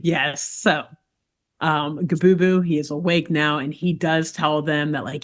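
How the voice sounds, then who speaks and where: A woman hosting a casual podcast, walking her co-host through a cartoon episode scene by scene. She tells it in an animated way, tossing in playful asides as she goes. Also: sits low, measured pace. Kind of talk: casual chat.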